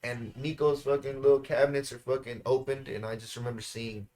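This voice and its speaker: A man's voice: medium pitch, brisk. A man telling a slangy story. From Central California. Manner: animated and profane, heavy slang, often says "bro". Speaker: guest. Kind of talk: casual storytelling. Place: house, indoors.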